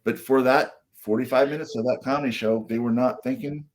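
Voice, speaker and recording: Man, middle-aged, earnest storyteller, steady mid-range voice, podcast guest. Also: medium pitch, fairly quick. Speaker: guest, comedian and keynote speaker.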